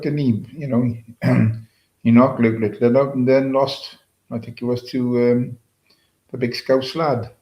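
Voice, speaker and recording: A man's voice: medium pitch, flat delivery, measured pace, warm tone. A British man hosting a casual live stream, greeting viewers by name and rambling with many fillers. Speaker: livestream host. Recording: roomy echo.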